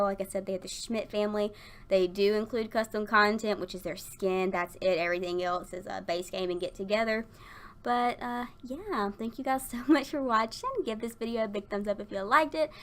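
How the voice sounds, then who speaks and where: A young woman talking over her build in a chatty, rambling way with lots of fillers and giggles, a little out of breath. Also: medium pitch. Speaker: Sims builder YouTuber. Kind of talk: casual voiceover chat. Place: at her desk at work.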